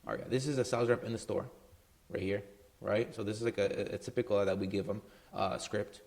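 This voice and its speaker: A man's fairly low, darkish voice stays steady and creaky as he speaks briskly to camera. He runs a marketing business and gives casual talking-head advice in a loose, conversational way, adding "right?" to his points and lots of "um"s.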